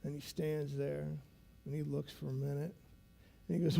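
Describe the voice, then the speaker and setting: A man's voice: on the high side, level tone, normal speed, vocal fry, pauses often, mellow. A man in his fifties giving a motivational keynote, telling a vivid story and checking in with the audience as he goes. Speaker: keynote speaker.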